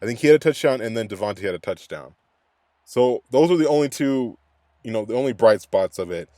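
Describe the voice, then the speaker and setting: A man's voice: medium pitch, expressive, a little fast, warm tone, no room sound, studio quality. A man ranting angrily in a profane, rambling game recap. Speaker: sports fan vlogger.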